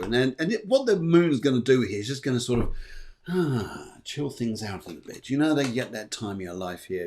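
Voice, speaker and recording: A man hosting a live astrology show, chatting playfully and reading out viewer comments. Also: lowish voice. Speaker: host.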